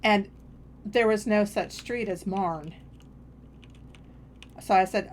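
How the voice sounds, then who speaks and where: A woman's voice: medium pitch, steady tone, unhurried, pauses often, a little hiss or hum. A woman streaming a game, chatting casually in a meandering, self-deprecating way. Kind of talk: casual rambling chat while gaming.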